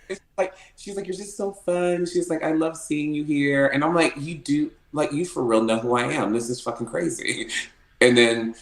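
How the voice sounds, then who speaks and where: A man telling stories as a podcast guest, animated, often laughing and acting out what people said. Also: fairly high pitch, unhurried, reverberant, poor audio. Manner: animated, laughing often, acts out quoted lines. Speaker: podcast guest, drag performer. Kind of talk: casual storytelling interview.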